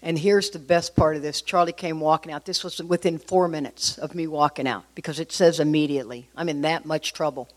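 A middle-aged woman telling a personal recovery story to an audience, in a lively, confiding way that speaks straight to her listeners. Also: low voice, brisk, hardly any pauses.

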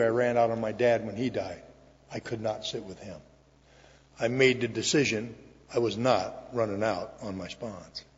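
An older man giving an earnest, emotional personal testimony to an audience in a large hall, with pauses and restarts. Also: mid-range voice. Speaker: recovery meeting speaker. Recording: echoey hall, dull lo-fi sound.

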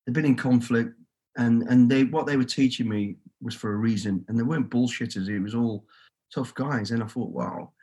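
A middle-aged man with a Birmingham accent speaks bluntly, swearing as he tells his story. His voice is husky and of middling pitch. He is a guest on a podcast interview. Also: a little fast, warm tone. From England. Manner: blunt and swearing freely, telling stories with quoted inner thoughts.

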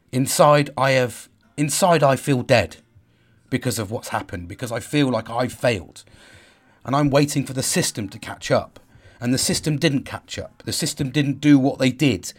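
A middle-aged man speaks straight to his audience in a raw, unscripted video diary. His voice sits at an ordinary middle pitch, and he talks in an emotional, halting way, stumbling over repeated words and swearing as he goes. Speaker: father talking to his audience.

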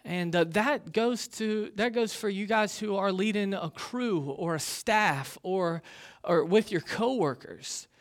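A young male pastor gives a casual sermon, joking and poking fun at himself with plenty of ums and uhs. His voice sits high and he speaks slowly.

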